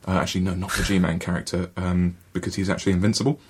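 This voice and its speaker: A man's voice: low-pitched, level tone, fast, a little hiss or hum. A man chatting casually on a panel, rambling and hesitant with plenty of ums.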